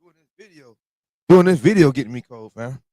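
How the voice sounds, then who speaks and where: A man's voice: mid-range voice, animated, fairly quick, warm tone, no room sound. A man hosting a reaction video, talking casually in slang and joking about the cold, getting over a cold. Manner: slangy, laughing, exaggerated complaints. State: has a cold.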